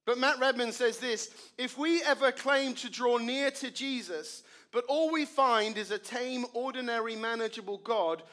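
Man, pastor, sermon, higher voice, earnest, dramatic hushed moments. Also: normal speed, few pauses. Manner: earnest, dramatic drops to quiet. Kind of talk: sermon with storytelling.

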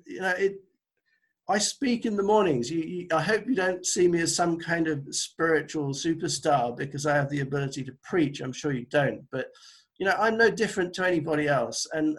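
A man preaching a sermon over a video call, earnest and conversational, recovering from an illness. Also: high-pitched. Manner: earnest, conversational preaching with self-deprecating asides. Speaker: pastor.

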